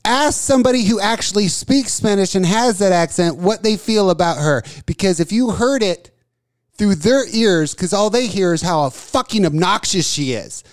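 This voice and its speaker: High-voiced man ranting crudely. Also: lively intonation, normal speed, no room sound, studio quality. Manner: profane, ranting, emphatic. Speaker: podcast co-host. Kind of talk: crude casual radio banter. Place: small studio with desk mics.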